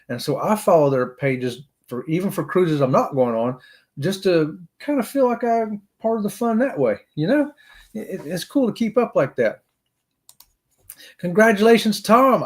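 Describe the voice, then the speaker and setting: A middle-aged man, hosting a casual livestream in a folksy, upbeat way while reading chat comments. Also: fairly high pitch. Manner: folksy and upbeat, says "y'all" often. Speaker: livestream host.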